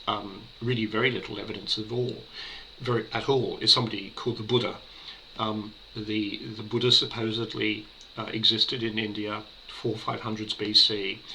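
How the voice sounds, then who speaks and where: A man giving a casual spoken book review, measured and hesitant, pausing on fillers and restarting his sentences. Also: on the low side, vocal fry, pushed and bright, a little hiss or hum, poor audio.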